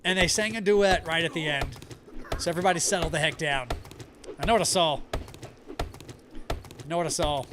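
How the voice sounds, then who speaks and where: A man's voice: fairly high pitch, fast, background noise. A man from the American South chatting casually with viewers while playing a survival game live, talking with a neutral accent. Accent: neutral American, Southern only when angry. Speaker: streamer. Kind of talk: live gameplay chat.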